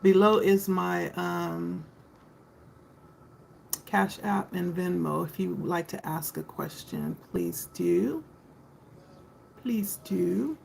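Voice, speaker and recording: Lady doing a tarot livestream, chatty, says hi to folks by name, kinda fry-ey voice. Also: fairly low pitch, expressive, slow pace, pauses often, a little mellow, a little hiss or hum, low-quality recording. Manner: chatty, talks to viewers by name. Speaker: tarot reader hosting a live stream. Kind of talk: casual live-stream chat with viewers.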